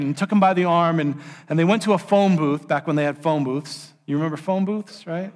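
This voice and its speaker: High-voiced man telling a sermon story. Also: fairly quick. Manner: animated storyteller, voices characters' lines. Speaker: preacher.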